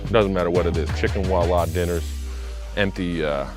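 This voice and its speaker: Laid-back guy rambling in a mountain vlog, low deep voice, music under it. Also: fairly even intonation, brisk. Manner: folksy, laid-back joking. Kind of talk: casual outdoor vlog chat. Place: mountains outdoors.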